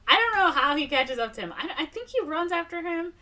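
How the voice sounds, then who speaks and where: A young woman on a podcast, animatedly retelling a film and slipping into quick impressions of its characters. Her voice is bright and a touch forceful, and she sits a little back from the mic. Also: high voice, far from the mic. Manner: animated retelling, acting out characters' lines with laughs and fillers. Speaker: podcast co-host. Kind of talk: casual movie recap chat.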